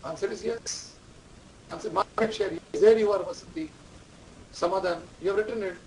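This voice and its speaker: A man's voice: high voice, moderate pace, darkish tone. A man giving a classroom lecture, repeating key terms and quizzing students. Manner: repetitive, quizzing the class, dictating instructions. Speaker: management lecturer. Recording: distant mic, faint room noise.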